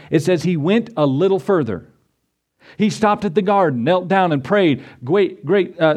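Emphatic preacher with a higher voice. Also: male voice. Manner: emphatic, repetitive, swinging between loud and quiet. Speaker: pastor. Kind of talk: sermon.

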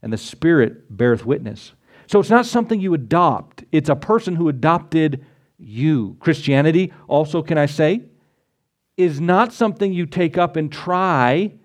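Homem pregando em tom de conversa. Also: male voice, fairly high pitch, lively intonation, normal speed. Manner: folksy, conversational preaching with Bible readings. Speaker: pastor. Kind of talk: sermon.

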